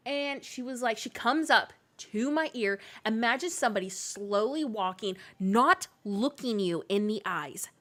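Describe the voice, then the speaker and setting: Streaming a game alongside a co-host, this young woman speaks in a slightly high voice at a measured pace with few pauses. Her casual chat is full of laughter, giggles, and lively storytelling.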